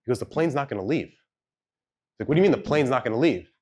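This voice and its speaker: A father gives a storytelling keynote at an event hall with an audience, relating a personal story loosely and acting out those he quotes, with plenty of hedging. He sounds animated and a little mellow, with a medium pitch and quick pace.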